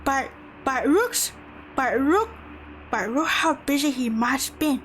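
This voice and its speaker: A woman's voice: sits high, lively intonation, slow, a bit bright, a little hiss or hum. A woman streamer chatting casually and playfully with her viewers during a game, laughing often. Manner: giggly, playful, chatting with chat. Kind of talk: casual gaming commentary.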